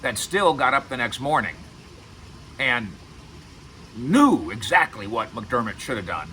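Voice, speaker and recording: Bright-voiced middle-aged male sports host. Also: medium pitch, big pitch swings, a little slow, slight background noise, rough recording. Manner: emphatic, repeats words for stress. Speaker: sports radio and video host. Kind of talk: casual sports commentary to camera.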